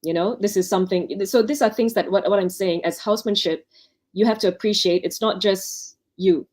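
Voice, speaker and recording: Speaking at normal speed in a mid-range, slightly mellow voice, a woman doctor offers new doctors chatty advice on an online panel. She leans on anecdotes and acts out the lines she quotes.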